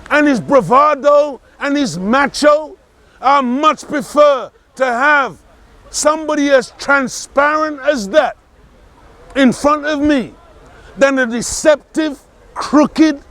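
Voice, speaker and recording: A man giving a forceful outdoor street speech, repeating phrases for emphasis and shouting at times. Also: very high-pitched. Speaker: street speaker. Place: outdoors in a city park.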